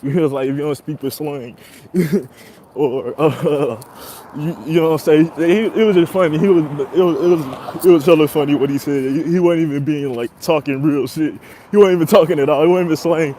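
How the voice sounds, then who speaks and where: A young man rambles in a relaxed, profane, slang-heavy monologue, breaking into laughter often. His voice sits a little high for a man. Faint traffic noise from outdoors runs behind him. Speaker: podcast host. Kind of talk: casual monologue.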